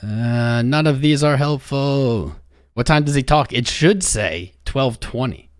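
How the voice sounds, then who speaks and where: A man's voice: mid-range voice, takes it slowly, no room sound, clean studio sound. A young man hosting a crypto livestream, talking restlessly to his chat while he searches for something.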